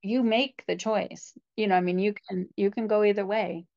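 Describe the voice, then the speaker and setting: A woman's voice: medium pitch, steady tone, normal speed, darkish tone, highs cut off. A woman guest in a casual faith conversation, earnest and reflective. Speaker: podcast guest.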